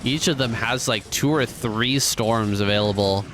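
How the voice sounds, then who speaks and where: A man giving relaxed, conversational play-by-play commentary on a strategy game match, with casual asides. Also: medium pitch, measured pace, a little hiss or hum. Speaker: esports caster.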